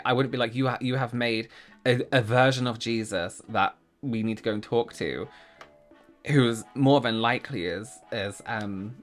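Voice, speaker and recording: A man with a medium-pitched, slightly bright voice hosts a reaction video, chatting casually to camera. He rambles, cuts himself off, and laughs often.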